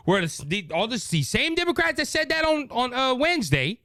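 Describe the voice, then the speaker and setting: Cajun man, high lively voice, dry close sound, fired-up political host rant. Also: quick pace, hardly any pauses, dry recording. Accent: Cajun Louisiana. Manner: indignant, repetitive, mocking. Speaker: political talk show host. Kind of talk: opinionated political commentary.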